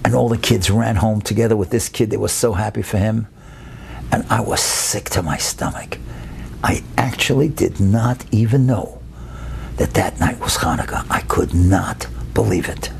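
A man telling a story expressively, building slowly and dropping to a whisper at times. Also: lowish voice, vocal fry, a little hiss or hum. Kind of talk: told personal-style story.

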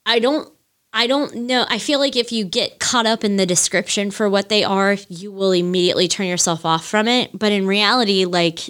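A woman in her thirties hosts a solo music podcast, chatting casually and rambling with lots of fillers, gushing and letting the odd swear slip. Her mid-range voice is clean, fairly bright and steady, at normal speed.

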